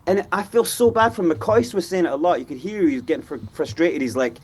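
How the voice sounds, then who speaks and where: A man, talking football on a fan show in an animated way, acting out players' voices. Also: fairly high pitch, a little fast, slightly rough. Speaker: fan pundit.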